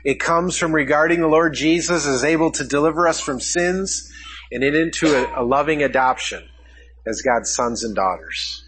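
A man's voice: fairly high pitch, normal speed, a bit bright, a little hiss or hum, poor audio. A man preaching a sermon, asking his congregation questions as he teaches from a passage. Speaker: pastor.

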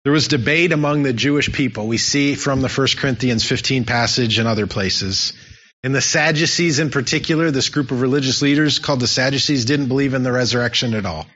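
A man's voice: mid-range voice, fairly quick, a bit bright. A man preaching a sermon as pastor, emphatic and repeating his key phrases for effect. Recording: dull lo-fi sound.

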